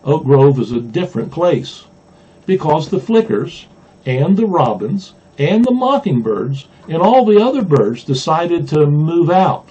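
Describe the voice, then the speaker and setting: A man from Mississippi, a pastor, reading a children's storybook aloud with gentle humor, in a dull lo-fi recording. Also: fairly high pitch, sing-song, measured pace, breathy edge. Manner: gently humorous, chuckling at the jokes.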